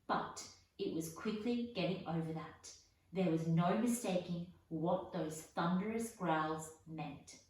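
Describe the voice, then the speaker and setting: A woman reads a storybook aloud in a measured, unhurried manner. Her voice sits a little low, and she sounds far from the mic, with a heavy echo around her. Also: darkish tone. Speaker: audiobook reader. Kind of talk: storybook narration. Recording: echoey room, voice from far off.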